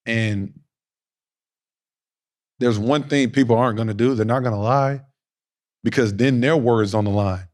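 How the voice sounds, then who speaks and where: A man's voice: mid-range voice, measured pace, pauses often, a little mellow. A man giving a blunt, slangy motivational talk to young players at a basketball camp. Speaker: guest speaker at a youth basketball camp.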